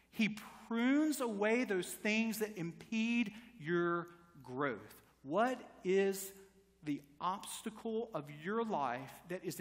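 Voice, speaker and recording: A man preaching from the pulpit, his fairly high voice trailing off into a long church reverb. He tells homely stories, then builds into emphatic, rhythmic appeals to the congregation. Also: a bit bright. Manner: storytelling with acted quotes, rising to emphatic preaching. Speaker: pastor. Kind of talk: sermon. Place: church sanctuary.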